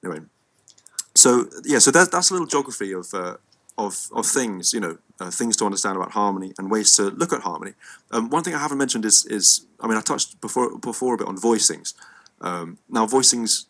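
English man, head cold, low gravelly voice, rambling playful music lesson. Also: lively intonation, fairly quick, fairly bright tone. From England. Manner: rambling, playful asides, frequent ums. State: has a cold. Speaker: musician teaching a class.

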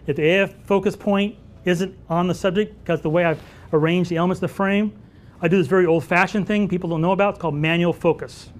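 Guy teaching a wildlife photo workshop, highish voice, lively storyteller, acts out the back and forth. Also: fast. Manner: animated storyteller who acts out dialogue. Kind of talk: live workshop talk with Q&A.

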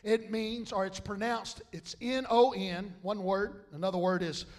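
A man preaching a sermon as pastor, with loud rises and cries of amen and hallelujah. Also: sits high, steady tone, a little slow. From South Louisiana.

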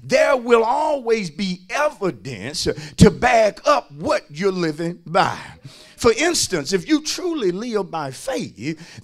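A pastor a sermon, calling out to the congregation, repeating phrases for emphasis and swinging from shouts to hushed lines. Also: male voice, high voice. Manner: call-and-response preaching, swinging between shouts and hushed lines.

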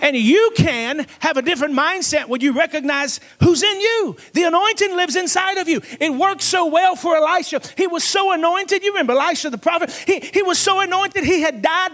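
A man preaching a revival sermon in a church, fervent and calling for responses from the congregation, often rising into shouts. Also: very high voice. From Cincinnati area. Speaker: evangelist preacher. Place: church sanctuary.

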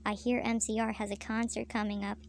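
A woman's voice: fairly high pitch, flat delivery, brisk, gravelly, a little hiss or hum. Woman reading as a dim-witted goofy henchman.

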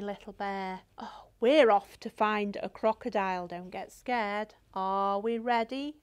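A woman's voice: mid-range voice, clean tone. A female librarian leading a children's singalong storytime, speaking with playful exclamations to a toy bear and young viewers. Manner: warm-hearted exclamations, slow and deliberate for little kids.

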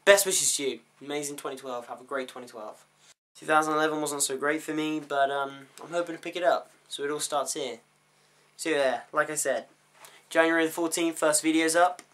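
A young man recording a random, jokey vlog to his camera at night, mumbling asides and then shouting punchlines. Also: a little high, steady tone, a little fast, a little hiss or hum. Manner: goofy, jumps between mumbles and sudden shouts. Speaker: vlogger. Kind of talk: random comedic vlog talk.

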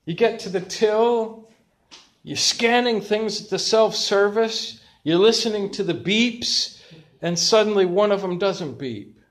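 An older man delivers a sermon, pastor at the pulpit. His voice sits a little higher than most men's. He spins a lively, self-mocking story with plenty of humor. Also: measured pace.

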